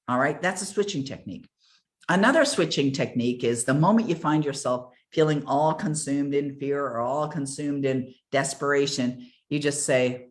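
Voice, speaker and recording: An older woman giving an earnest, emphatic motivational coaching talk, repeating key words for stress. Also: deep voice. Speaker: success coach.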